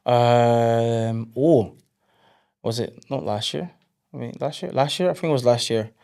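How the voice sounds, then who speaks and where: A man's voice: mid-range voice, unhurried, creaky, smooth. A young man, chatting casually as an interview guest and telling stories animatedly, acting out what others said. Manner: animated storyteller, acts out quotes. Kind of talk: casual chat.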